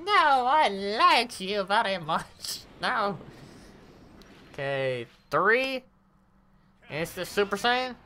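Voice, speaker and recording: A woman giving casual commentary on her mobile game summons, animated and cursing at bad pulls. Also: mid-range voice, drawn-out words, pauses often. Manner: animated, groaning, swears.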